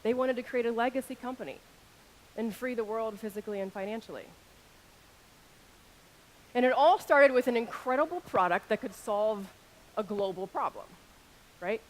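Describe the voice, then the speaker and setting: A woman in her thirties speaking on an arena stage with a fairly high voice. She moves between loud shout-outs to the crowd and a slower, intimate delivery, all through a stage microphone. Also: a little hiss or hum. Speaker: keynote speaker. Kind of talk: arena keynote speech.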